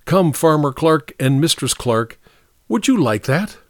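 A man performs as a courtly old statesman, speaking formally in a voice pitched above his natural one. The delivery is fairly high, very animated and a little slow, captured as clean studio sound with no echo.

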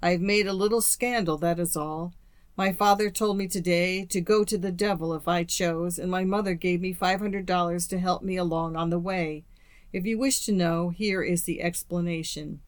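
Reader voicing a bitter young student gentleman, cool feigned indifference, dry close audiobook sound, even middle pitch. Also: normal speed, smooth, no room sound, lightly acted. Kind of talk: audiobook character reading.

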